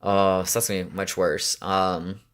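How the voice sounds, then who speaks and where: Young adult male vlogger, lowish pitch, casual rambling delivery, lots of fillers, exasperated venting. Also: flat delivery, unhurried, fairly bright tone, smooth. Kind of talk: casual chat.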